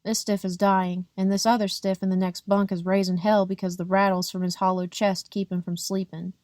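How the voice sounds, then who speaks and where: A woman reads a first-person audiobook in a plain, measured way, never rushing. Her voice sits at a middle pitch. The recording is close and dry, with no room sound. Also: little pitch movement, a little mellow, no room sound. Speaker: audiobook reader.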